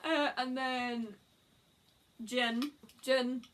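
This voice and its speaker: A young woman vlogger, chatting excitedly and giggling as she tells a story with lots of fillers. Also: high-pitched, drawn-out words, a little hiss or hum. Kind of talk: casual chat.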